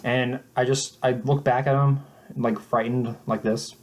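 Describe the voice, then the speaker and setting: A young man telling a mock-serious story in a halting, deadpan way, often restarting his sentences. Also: mid-range voice. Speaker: vlogger.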